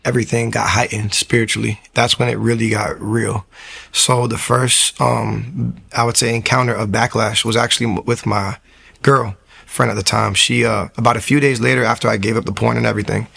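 A man's voice: mid-range voice, fairly quick, gravelly, husky. A young man giving a conversational faith testimony, telling his story with energy and acting out the people he quotes. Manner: animated storytelling, acts out quoted voices.

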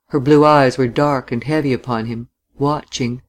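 Measured audiobook narrator. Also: medium pitch, steady tone. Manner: measured literary reading. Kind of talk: scripted narration.

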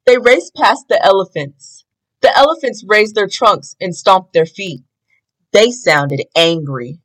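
A woman reading a children's storybook aloud in an expressive, sing-song way. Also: medium pitch, slow, rough recording. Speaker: storybook reader.

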